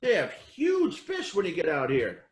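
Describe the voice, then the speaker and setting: A man's voice: a little high, huge pitch swings, unhurried, echoey room. A man improvising a comedy scene over a video call, eager and stammering. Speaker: improv performer.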